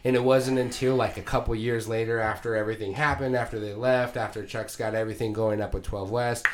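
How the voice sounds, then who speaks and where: A man's voice: on the low side, fairly quick. A young man telling stories casually, swearing freely and acting out what people said. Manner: swears freely, animated storytelling with acted-out quotes. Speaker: bartender guest. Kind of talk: casual chat.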